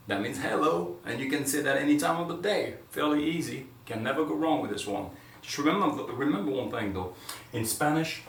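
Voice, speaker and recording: A man with a somewhat low voice runs a casual lesson, rambling a little and sounding out practice words slowly. He sits away from the mic in a roomy, echoey space with a faint hiss of room noise behind him. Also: a bit bright. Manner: chatty, repeats words slowly for the learner to copy. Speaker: Spanish teacher. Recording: roomy echo from a distant mic.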